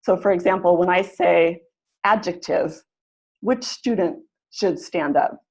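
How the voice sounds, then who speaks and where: A woman with a somewhat low voice leads an online teaching webinar over a computer microphone. She keeps an upbeat teacher's tone and slows right down to pronounce example words one syllable at a time. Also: darkish tone, highs cut off. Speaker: teacher trainer.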